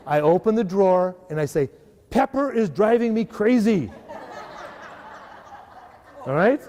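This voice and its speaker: A man giving a lively live workshop talk to a parish group, often asking the audience to agree. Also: fairly high pitch. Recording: live hall recording with long reverb.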